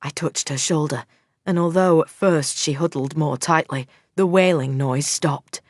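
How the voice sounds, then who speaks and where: A woman narrating a first-person audiobook in a measured, steady storytelling manner. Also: low-pitched, no room sound, studio quality.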